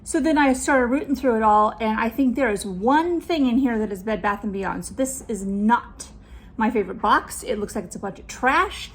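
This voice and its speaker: A woman's voice: on the high side, moderate pace, poor audio. A woman unboxing a returns box on her vlog, talking in a snarky, annoyed way. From California.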